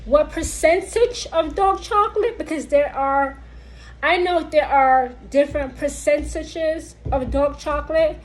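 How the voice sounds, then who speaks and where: A woman's voice: high-pitched, low-quality recording. A woman vlogger teaching witchcraft lore in a casual, emphatic way, repeating her points to viewers. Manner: repetitive, slow and emphatic, talks directly to viewers.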